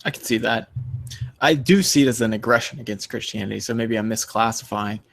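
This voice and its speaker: A young man co-hosting a casual podcast, telling a story with lots of animation. When he quotes people, his pitch jumps sharply and he acts them out. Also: a little fast, creaky. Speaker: podcast co-host.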